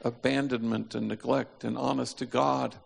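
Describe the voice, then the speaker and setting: Male preacher, gravelly voice, hall reverb, storytelling sermon that drops to a slow hush on the key lines. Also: mid-range voice, flat delivery. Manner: slows to a near hush on key phrases, acts out quoted voices.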